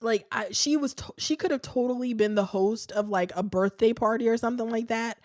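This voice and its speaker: A woman's voice: a little high, a little fast, darkish tone, no echo, studio quality. A woman hosting a podcast, talking in a chatty, candid way with many fillers, sighs and restarts. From United States. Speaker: podcast host. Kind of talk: casual podcast commentary.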